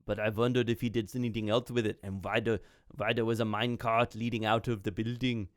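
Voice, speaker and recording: A man voicing a formal, polite male ministry official in a tabletop game, speaking in measured sentences. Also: on the low side, level tone, dry recording, clean studio sound, natural voice.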